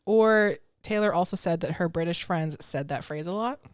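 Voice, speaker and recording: Smooth voiced woman cohosting a chatty podcast, laughs at herself a lot, dry mic. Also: on the low side, normal speed, dry recording. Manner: giggly, self-mocking, reads lyrics aloud. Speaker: podcast co-host. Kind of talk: casual chat.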